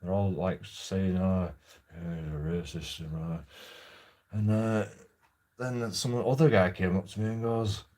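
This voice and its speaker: A man telling a rambling, sweary story about a night at a pub, with lots of halting restarts. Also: sits low, steady tone, a little mellow. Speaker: vlogger. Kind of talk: casual storytelling monologue.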